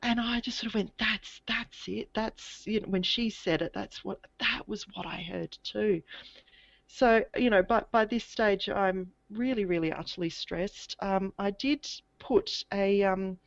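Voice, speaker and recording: A woman's voice: mid-range voice, dry recording, highs cut off. Hesitant woman recounting a strange experience. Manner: hesitant, halting, many restarts. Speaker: guest. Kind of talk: casual recounting of a personal experience.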